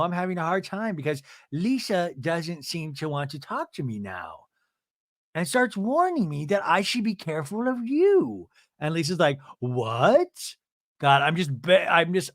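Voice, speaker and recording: A man's voice: a little high, a bit bright, no echo, studio quality. A man hosting a comedy podcast, recapping a reality show and mimicking the cast in exaggerated voices. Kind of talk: comedic recap with mock quotes.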